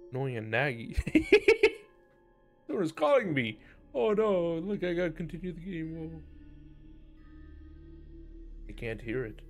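A man chatting casually on a live game stream, profane and animated, breaking into loud laughs. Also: fairly high pitch.

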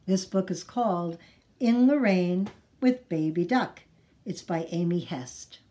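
A woman leading a children's storytime as librarian, singing and reading aloud in a gentle, encouraging way. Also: fairly low pitch, expressive, takes it slowly. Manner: gentle, encouraging, sing-song.

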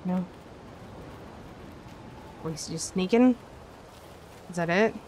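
A woman's voice: on the low side, slow pace, a little mellow, slight background noise. A woman doing let's play commentary on a horror game, reacting aloud, talking to the characters and swearing when startled. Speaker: streamer playing a horror game.

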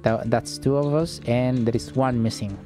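A man voicing a dignified fellow adventurer in a measured, formal way. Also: mid-range voice, fairly even intonation, mellow, soft background music, close to an everyday voice.

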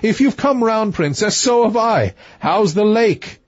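A man's voice: sits high, expressive, a little slow, dry recording, voice pushed up. A man voicing a cheerful young prince. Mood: joyful. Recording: dull dry lo-fi recording.

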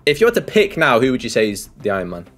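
A man's voice: mid-range voice, wildly swooping pitch, rapid-fire, a bit bright, faint music behind. A man co-hosting a casual quiz show, teasing and swearing in disbelief. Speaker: co-host. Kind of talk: casual game-show banter.

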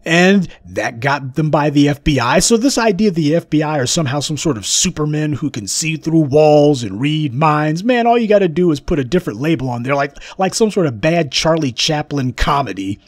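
Forceful, sarcastic male commentator. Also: fairly high pitch, lively intonation, fairly quick, few pauses, no echo, clean studio sound. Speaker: host. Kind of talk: political commentary monologue.

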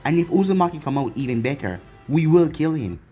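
Scheming male tiger beast, cold plotter, husky, man reading. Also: fairly high pitch, expressive, a little fast, mellow, faint music behind.

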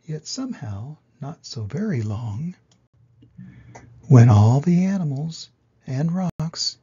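An older man tells a picture-book story to children, slowly and gently, with dramatic swells. His voice is gravelly, husky, and dark. The recording is slightly dull and lo-fi. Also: medium pitch.

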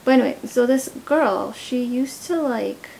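A woman's voice: a little high, a little slow, creaky, darkish tone, slight background noise, low-quality recording. A young woman chatting casually while doing a makeup tutorial, rambling into stories along the way, recorded close to the camera. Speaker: beauty vlogger.

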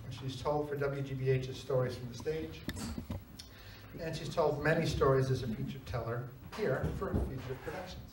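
A man's voice: medium pitch, normal speed. A man acting as event host, introducing the next storyteller in a formal, announcing manner. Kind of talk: stage introduction. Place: stage in an arts center. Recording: echoey, distant live recording with noise.

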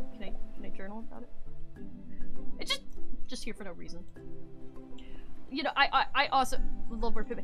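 A woman streaming a game, chatting casually with her viewers and swinging between loud squeals and low mutters. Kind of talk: casual gameplay commentary.

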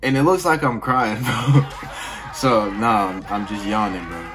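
A man with a lowish voice speaks a little slowly while giving casual reaction commentary on his channel, easygoing and talkative, often laughing and yawning. There's background noise, and music from the video he's watching plays clearly behind his voice.

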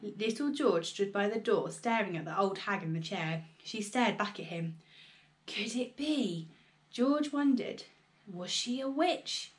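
A woman reading a children's storybook aloud in an expressive storytelling manner. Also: medium pitch, a little slow.

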